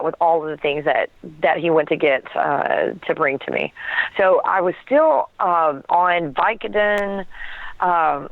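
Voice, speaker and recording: A woman guest telling a personal story in a lively way, laughing often and acting out what she and others said. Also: lowish voice, no room sound. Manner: animated storytelling with laughs and acted quotes. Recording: tinny phone line.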